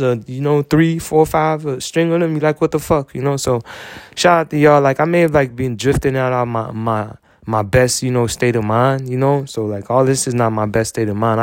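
Young male podcaster, smooth dry voice, rambling, profane, filler-heavy monologue. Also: medium pitch, a little mellow, no room sound. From United States. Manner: rambling, repeats filler phrases, swears often. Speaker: podcast host.

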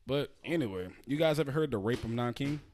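Loud, animated, profane podcast host man. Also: mid-range voice, quick pace. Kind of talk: casual podcast banter.

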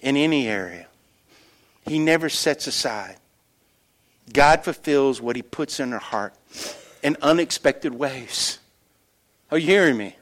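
A middle-aged man preaching a sermon as pastor, telling stories with animated energy and dropping to quiet, earnest emphasis. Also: medium pitch, measured pace, long pauses. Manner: animated storytelling that shifts between loud excitement and quiet earnest emphasis.

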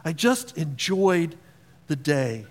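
Pastor preaching in a reverberant hall. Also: male voice, fairly high pitch, sing-song, slow. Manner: conversational, asks the congregation questions. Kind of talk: sermon. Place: church auditorium.

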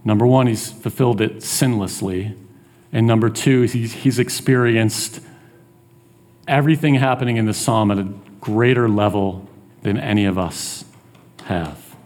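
A man with a fairly low, slightly mellow voice preaches an unhurried sermon. Earnest and conversational, he restarts frequently and acts out taunts in a raised voice.

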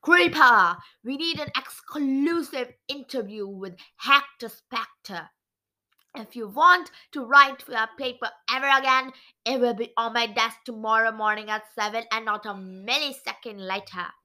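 A woman's voice: on the high side, a little slow, sharp tone, rough recording. A woman reading a storybook aloud, voicing a grouchy male newspaper editor who barks orders. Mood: demanding. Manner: gruff, barking orders.

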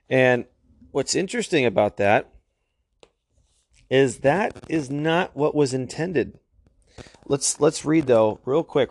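A man's voice: mid-range voice, vocal fry, dry recording, studio quality. A man preaching as a youth pastor, earnest and emphatic, reading verses aloud. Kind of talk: sermon with scripture reading.

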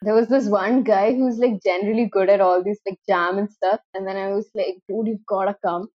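A woman's voice: medium pitch, a little fast, dry recording, dull audio. Young woman animatedly telling a story. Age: young adult. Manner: animated, laughing, quoting herself. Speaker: podcast co-host. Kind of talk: casual storytelling chat.

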